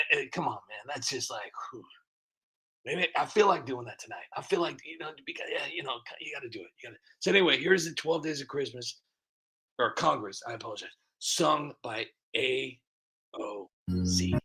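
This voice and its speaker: A man talks through a rambling, self-deprecating comedy bit with a gravelly, raspy voice. His tone is bright and cutting. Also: medium pitch. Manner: rambling, self-mocking, animated. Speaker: content creator. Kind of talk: comedic monologue. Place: cardboard box used as an office.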